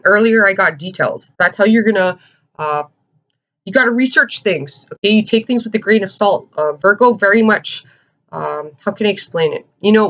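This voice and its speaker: A woman's voice: medium pitch, fairly bright tone, lo-fi sound. A woman giving a casual tarot reading to camera, chatty, with many "uh"s, and checking in with "okay?" and "all right?". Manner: searches for words with frequent "uh" and "um". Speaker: tarot reader.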